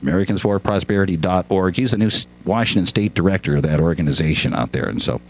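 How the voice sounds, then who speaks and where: A man's voice: deep voice, quick pace, vocal fry. A middle-aged man chatting casually as a radio guest, folksy and joking, rambling with laughs. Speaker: guest musician.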